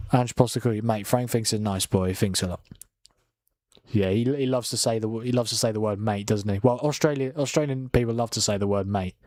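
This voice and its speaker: Young man, casual stream chat, a bit tired, mid-pitched voice, dry close sound. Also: darkish tone, no room sound. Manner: chatty, swears, laughs, reads out viewer chat. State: tired from a long night of watching. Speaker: watchalong streamer.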